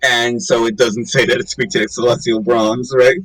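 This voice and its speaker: Casting note: mid-pitched male player, casual and hesitant. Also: level tone, moderate pace, fairly bright tone, dry recording, distant mic, low-quality recording. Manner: thinking aloud, hesitant. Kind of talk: casual tabletop game play.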